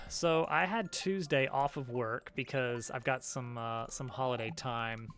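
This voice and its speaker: A man's voice: mid-range voice, steady tone, measured pace, fairly bright tone, soft background music. A man streaming a video game, chatting casually and chuckling between asides. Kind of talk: casual chat while playing a game.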